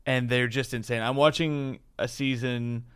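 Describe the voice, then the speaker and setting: A man's voice: mid-range voice, a little slow, smooth, no echo, studio quality. A man in casual podcast chat, retelling stories with laughter and swearing. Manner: animated storyteller, swears and laughs while retelling.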